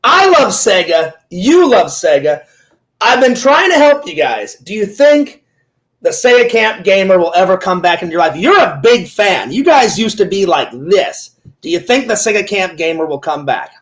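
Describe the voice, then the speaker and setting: A man with a high-pitched voice hosts a loose, casual interview. He jokes around and drifts into long rambling stories in an easygoing chat tone. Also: animated, normal speed, rough recording. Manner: rambling, playful storyteller, joking. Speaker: interview host, Twitch streamer.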